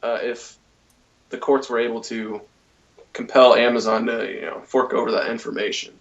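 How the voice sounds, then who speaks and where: A man's voice: medium pitch, little pitch movement, gravelly, recorded from a distance, lo-fi sound. A man co-hosting a casual talk show, reading a news story aloud with many fillers and restarts. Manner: loose, halting delivery with many fillers. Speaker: podcast co-host.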